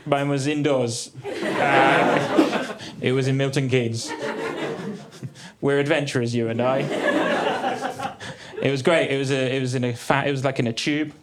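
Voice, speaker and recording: A young man doing a stand-up comedy set on a theatre stage, deadpan and dry, with the odd high exclaimed punchline. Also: a little slow, long pauses, very noisy. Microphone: stage mic. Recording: live theatre with crowd laughter. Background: audience laughing.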